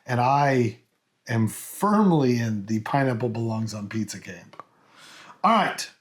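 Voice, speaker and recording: A man co-hosting a casual whisky podcast, quizzing his co-host with big swings in his voice. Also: slow pace. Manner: animated quiz-master teasing, big pitch swings.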